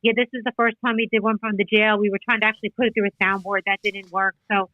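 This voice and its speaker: A woman's voice: medium pitch, little pitch movement, quick pace, dry recording. A woman on a group call, speaking in a friendly, reassuring way. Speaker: guest in an online audio room. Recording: phone-like, dry audio.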